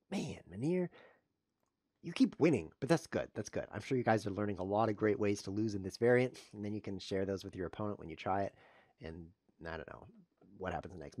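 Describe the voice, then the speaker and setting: Lively, self-mocking male chess streamer. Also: fairly low pitch, dry recording, clean studio sound. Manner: self-mocking deadpan jokes with sudden yelps over blunders. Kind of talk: live-stream commentary while playing.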